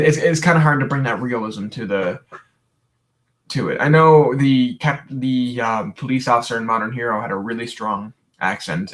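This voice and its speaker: A young Canadian man with a medium-pitched, slightly bright voice hosts a livestream. Tired today, he chats casually and rambles through viewer questions, restarting often.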